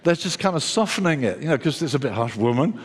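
A man preaching a sermon in an animated way, acting out the quoted lines and often restarting his sentences. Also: medium pitch, quick pace, husky. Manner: animated, acts out quoted voices, frequent restarts. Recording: long hall reverb.

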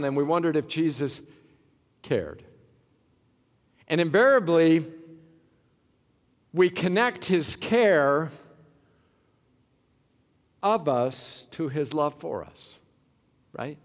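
A man preaching a sermon as a pastor, dramatic, swinging from loud cries to hushed words, in a church sanctuary. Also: very high-pitched, expressive, slow pace, pauses often. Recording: long hall reverb.

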